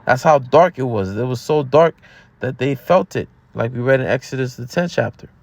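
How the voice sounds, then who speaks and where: A man's voice: mid-range voice, animated, normal speed, vocal fry, no room sound. A man teaching from scripture in a loose street style, repeating words and dropping "man" at the ends of lines. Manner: casual, repeats words and says "man" often. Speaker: camp teacher.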